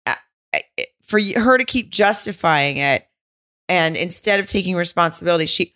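Woman, deep for a woman, casual podcast co-host, animated, swears casually. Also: normal speed. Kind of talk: casual chat recapping a reality show.

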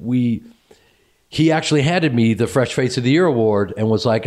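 A man hosting a casual podcast, telling stories in quick bursts with restarts. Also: mid-range voice. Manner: animated storyteller, quick bursts with trailing restarts. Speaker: podcast host. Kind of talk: casual podcast chat and read ad.

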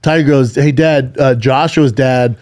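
A man in his forties tells a story on a casual podcast in animated bursts, acting out the people in it and swearing freely. His voice is mellow and warm. The sound is dry and close to the mic. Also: medium pitch, unhurried, no room sound. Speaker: podcast co-host. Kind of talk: casual chat.

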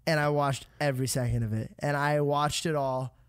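A young man on a podcast tells a personal story in an animated, casual way, swearing often and acting out the lines of the people in it. His voice sits a little high for a man. It is recorded close and dry, with no room sound. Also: normal speed, clear, resonant tone, no echo. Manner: animated, swears freely, acts out quotes. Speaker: podcast host.

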